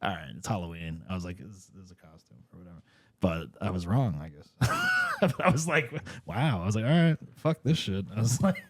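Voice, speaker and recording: A man co-hosting a podcast, telling a story in a low-key, hesitant way with many fillers. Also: huge pitch swings, a little fast, breathy edge. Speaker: podcast co-host. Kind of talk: casual chat.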